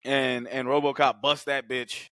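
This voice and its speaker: A man with a bright, forceful voice sits close to a dry microphone, recapping a film in casual podcast chat. He swears constantly, tells it loosely and throws himself into the lines he quotes. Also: mid-range voice, flat delivery, measured pace, no room sound. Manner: profane, loose storytelling, acts out quotes loudly. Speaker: podcast co-host.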